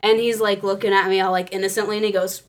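A woman casually telling an animated story, laughing often and acting out what people said. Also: mid-range voice, fast talker. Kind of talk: casual chat.

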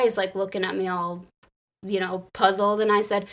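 Laughing woman telling an animated story. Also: medium pitch, a little fast. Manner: animated storytelling, laughs often, acts out quotes. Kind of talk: casual chat.

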